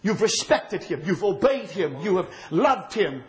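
A man with a strikingly high voice delivers a sermon with fervor. He swings between shouted, ringing declarations and low, hushed passages. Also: big pitch swings, measured pace. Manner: impassioned, often shouting, then dropping low and quiet. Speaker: preacher.

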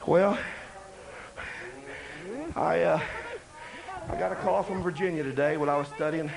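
An older man preaching a sermon, swinging between loud shouting and quiet talk. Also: a little high, steady tone, unhurried, gravelly, a crowd in the background, rough recording. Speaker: pastor.

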